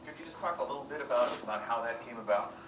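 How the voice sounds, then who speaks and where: A man interviewing a guest, asking quick, lively questions. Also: medium pitch. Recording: echoey room, distant mic, loud noise.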